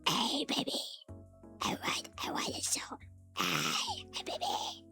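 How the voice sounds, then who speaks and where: A woman voicing a creepy demon baby boy, in a low, breathy, hoarse whispered role-play. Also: huge pitch swings, slow pace, sharp tone, heavily acted. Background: faint cafe music.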